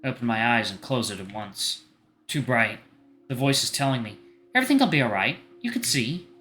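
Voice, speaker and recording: A man voicing an anxious, sensitive teenage boy, reading a visual novel aloud in a slightly halting, earnest way. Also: mid-range voice, very animated, bright, forceful tone, soft background music.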